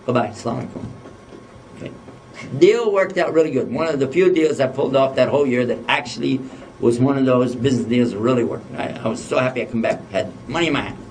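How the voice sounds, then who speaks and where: A religious lecturer with a mid-range, darkish voice speaks fast, telling a funny anecdote and acting out the back-and-forth dialogue himself. His mic sits a bit far away.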